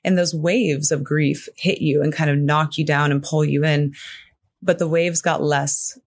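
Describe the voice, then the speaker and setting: A woman's voice: low voice, fairly even intonation, unhurried. Woman, grief coach guest, frank, earthy, candid, chatty fillers. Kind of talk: candid interview talk.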